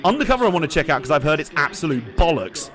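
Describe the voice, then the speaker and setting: A man's voice: fairly high pitch, sing-song, fast, a crowd in the background. A man giving jokey, sweary live commentary over a racing game he streams, laughing often. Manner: joking, sweary, laughs a lot. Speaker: let's play streamer. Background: racing game music and engine noise.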